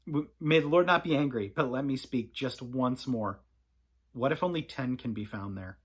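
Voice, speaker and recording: A man's voice: medium pitch, moderate pace, slightly rough, lightly acted. A man reading the lines of a humble aged patriarch, pleading earnestly and hesitantly.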